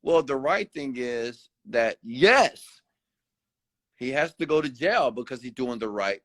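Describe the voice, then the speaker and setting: A man delivering a late-night motivational rant, preachy and repetitive, now and then jumping high to mimic other people. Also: slow pace, dry recording. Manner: animated, mimics other people with sudden high-pitched outbursts; preachy, repeats phrases for emphasis. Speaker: motivational host. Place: Houston.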